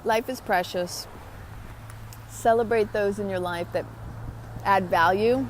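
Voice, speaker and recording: A woman's voice: medium pitch, takes it slowly, a little hiss or hum. A woman talking to her viewers in a motivational vlog, upbeat and chatty. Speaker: vlogger. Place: outdoors.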